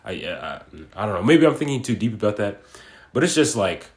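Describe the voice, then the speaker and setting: A man's voice: lowish voice, sing-song, a little fast, reverberant. A young man in his twenties talking in a casual, rambling monologue, full of slang and fillers. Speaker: vlogger.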